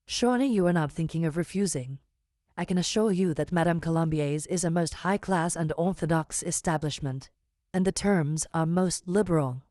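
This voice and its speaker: An unctuous, scheming middle-aged gentleman, as a woman reading the audiobook puts him on, measured and persuasive in every word. His voice sits low, and the recording is close and dry with no room sound. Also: no room sound, natural voice. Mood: smooth persuasive. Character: large smooth-talking scheming middle-aged man.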